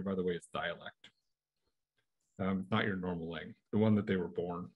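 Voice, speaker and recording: Husky American male Bible teacher, casual and explaining, poses questions to his class. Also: low-pitched, fairly even intonation, normal speed, long pauses, highs cut off. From United States. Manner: conversational, asks rhetorical questions.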